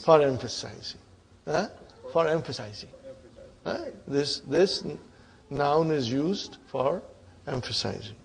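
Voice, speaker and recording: A man teaching an Arabic grammar class, quizzing students with repeated questions and clearing his throat often. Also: on the high side, lively intonation, takes it slowly, pauses often, rough recording.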